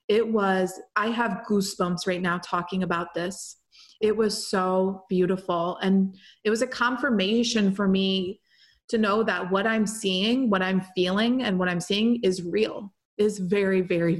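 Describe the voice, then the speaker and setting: A young woman hosting a show, telling a personal story in a loose, chatty way with lots of fillers and run-on sentences. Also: medium pitch. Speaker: podcast host and healer. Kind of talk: casual storytelling monologue.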